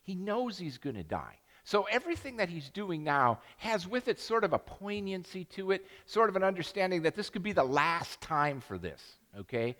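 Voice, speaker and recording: An older male pastor preaches in a church sanctuary, his pitch rising and falling with animated swings as he rambles through a story. He restarts his sentences and pokes fun at himself. The voice carries a long hall reverb. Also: normal speed, hardly any pauses. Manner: self-deprecating humor. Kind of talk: sermon.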